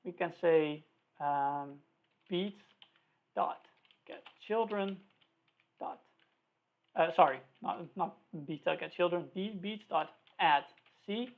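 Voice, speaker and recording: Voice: mid-range voice, slow, pauses often. A programming instructor talking through live code, thinking aloud, spelling out each line, and correcting slips along the way. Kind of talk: live-coding tutorial. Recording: tinny phone-like recording.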